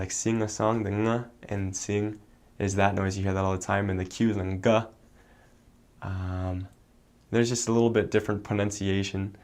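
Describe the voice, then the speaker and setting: A young man from the United States, a returned missionary, explaining a language in a relaxed way with many fillers. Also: lowish voice. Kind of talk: casual explanation.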